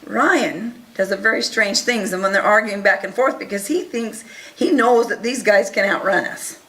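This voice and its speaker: A woman telling an audience a first-person story in an earnest, animated way, acting out the dialogue. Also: medium pitch, normal speed, rough recording. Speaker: speaker recounting events to an audience.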